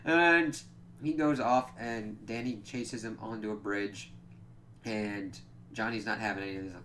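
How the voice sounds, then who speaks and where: A man giving a casual spoken comic book review, retelling scenes with animated acted-out quotes and lots of "like". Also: lowish voice, unhurried, a little hiss or hum. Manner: animated retelling, acts out characters' lines, frequent "like".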